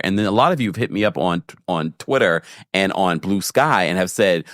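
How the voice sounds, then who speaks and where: A man's voice: on the low side, brisk, dry recording, clean studio sound. A man in casual livestream chat, recapping a reality show and reading viewer comments aloud with laughs. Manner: animated, laughing, talks straight to viewers.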